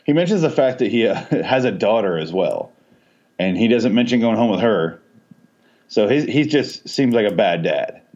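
On a podcast with dull, lo-fi audio, a male co-host with a fairly low voice and a moderate pace chats about a movie. His storytelling is animated, full of swearing and frequent laughter.

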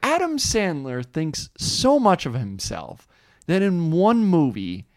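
A man co-hosting a casual chat, telling stories in an animated, ranting way. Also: on the high side, takes it slowly, no echo, studio quality.

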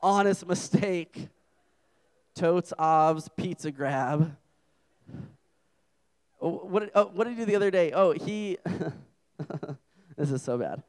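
A man's voice: fairly high pitch, slow pace, pauses often, a little mellow. A young adult man preaching a humorous sermon to a campus group, telling self-deprecating stories as a father. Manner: joking, self-deprecating storyteller.

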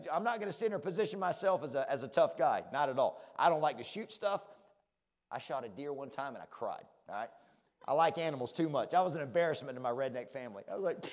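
Pastor, male, country accent, fairly high voice, punchy casual sermon delivery. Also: long reverb tail. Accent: rural American country. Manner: fired-up, self-deprecating, keeps asking "right?". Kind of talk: conversational sermon.

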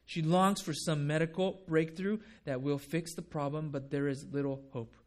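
A man preaching a sermon, animated and dramatic, acting out people's reactions with sudden louder bursts. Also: fairly high pitch, moderate pace, few pauses. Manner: animated, acts out voices with sudden loud outbursts. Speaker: pastor.

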